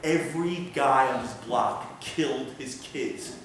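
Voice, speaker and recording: A man giving an animated storytelling sermon as a guest speaker, dramatic and conversational, full of rhetorical questions. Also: mid-range voice, slow, a little hiss or hum. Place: synagogue sanctuary. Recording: echoey hall, mic far off.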